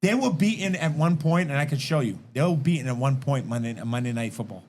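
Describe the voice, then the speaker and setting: A man on a casual podcast, telling stories in a lively, profane way and acting out what people said. He is recorded in a garage. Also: medium pitch, fast talker, slight background noise. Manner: animated, profane storytelling, acting out quotes. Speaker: podcast guest.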